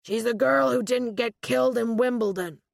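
Woman voicing a gruff American agent, cold, curt, growling, dry close sound. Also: a little high, normal speed, no echo, voice pushed up.

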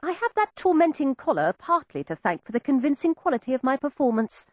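A woman reading a first-person audiobook in an expressive, wry storytelling manner. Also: high voice, a little fast, dry recording. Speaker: audiobook narrator. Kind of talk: scripted first-person narration.

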